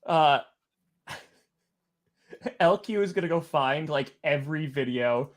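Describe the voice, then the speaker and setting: A man's voice: a little high, slow. A young man co-hosting a casual sports podcast, teasing and laughing often. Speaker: podcast co-host.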